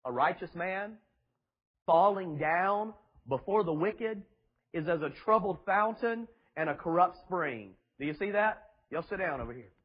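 A man's voice: sits high, animated, measured pace, husky, highs cut off. A man preaching a fiery sermon to a congregation, emphatic and full of rhetorical questions and mocking asides. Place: church before a congregation.

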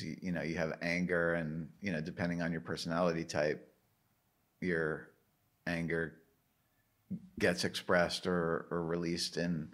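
A man in his fifties, a guest on a podcast interview, talking in a halting, searching way with many restarts. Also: low-pitched, fairly bright tone. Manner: halting, restarts, many "like" and "you know" fillers. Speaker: guest, record label founder. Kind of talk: casual interview chat.

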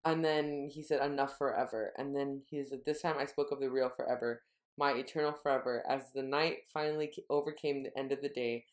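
A woman co-hosting a podcast, casually retelling a book's scenes and quoting its dialogue in a low murmur. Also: fairly even intonation, brisk. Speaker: podcast co-host. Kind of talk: casual book-recap chat.

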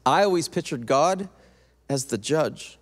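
A male pastor preaching a sermon, acting out quoted voices in an animated way. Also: a little high, unhurried. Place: church auditorium. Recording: long hall reverb.

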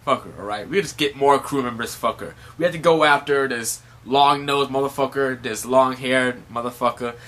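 A man's voice: mid-range voice, normal speed, hardly any pauses, fairly bright tone, lightly acted. A man playing a crude impostor pirate captain who swears constantly. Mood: brash. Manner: profane, brash.

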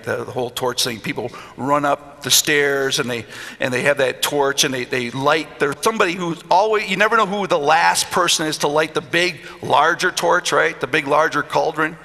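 A man's voice: a little high, creaky. A middle-aged man preaching a storytelling sermon in a church, acting out the voices of the people in his stories. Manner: animated, acts out voices in stories. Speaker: pastor. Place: church hall. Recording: long hall reverb.

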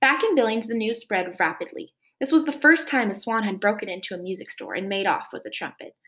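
A woman's voice: mid-range voice, animated, fairly quick, fairly bright tone. A woman teacher reading a chapter book aloud to children. She reads expressively and stops now and then to comment for her listeners.

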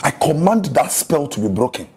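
A man's voice: fairly high pitch, sing-song, normal speed, darkish tone, husky. A man with a Ghanaian accent preaching a fervent sermon as a pastor, moving between English and Twi.

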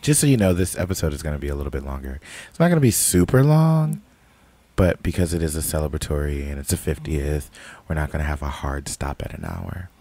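A man's voice: rumbling low, fast talker, dry recording. A man co-hosting a podcast in a casual chat, teasing his co-hosts and moving the segments along. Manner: animated, teasing, steers the segments. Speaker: podcast co-host.

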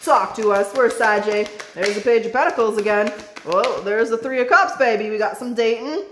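A woman's voice: on the high side, normal speed, noisy background. A woman giving a casual tarot reading, chatty, calling the viewer baby and swearing now and then. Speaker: tarot reader. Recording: roomy echo.

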